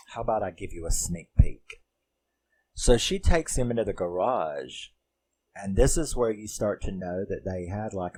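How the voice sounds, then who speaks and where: A man's voice: lowish voice, a little mellow. A man reviewing a film in a casual, rambling way, often laughing and using lots of fillers.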